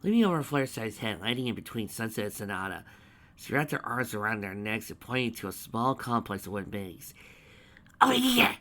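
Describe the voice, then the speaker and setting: Man reading a story with lively pitch. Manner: halting reading with frequent restarts. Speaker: reader. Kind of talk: amateur fan fiction reading.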